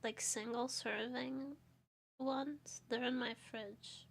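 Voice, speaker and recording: A woman's voice: a little high, fairly even intonation, takes it slowly, creaky. A Portuguese woman with a Portuguese accent chatting casually on a stream, playful and rambling, stressed and tired. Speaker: vtuber streamer.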